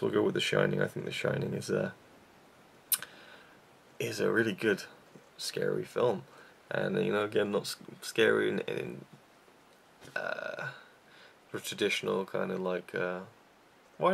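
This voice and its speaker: Gravelly-voiced young man rambling casually. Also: lowish voice. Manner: rambling, self-deprecating, frequent fillers and restarts. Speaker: YouTube reviewer. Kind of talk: casual vlog chat.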